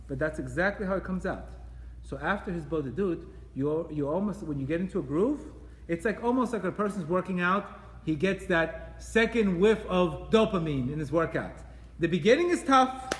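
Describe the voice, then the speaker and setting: A man's voice: sits high, a bit bright, slight background noise. A man giving a Torah class to a group, talking animatedly with rhetorical questions and repeated phrases. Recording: echoey hall with faint ambience.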